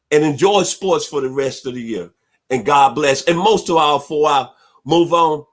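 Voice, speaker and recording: Man, sports radio host, heartfelt, shouts out his team, mid-pitched voice. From Memphis, Tennessee. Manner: heartfelt, preacher-like shout-outs. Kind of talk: casual sports radio talk.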